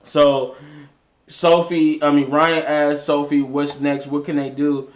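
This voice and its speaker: A man with a slightly higher voice gives a casual, rambling recap of a TV episode. He often restarts his sentences and fills the gaps with ums and "you know"s. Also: level tone, slow. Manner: rambling, with many restarts and fillers. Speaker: TV episode reviewer.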